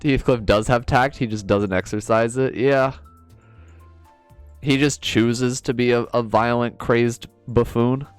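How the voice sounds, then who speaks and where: A man's voice: mid-range voice, steady tone, measured pace, clean tone, no room sound, soft background music. A man streaming a video game, chatting casually and reading the on-screen dialogue aloud.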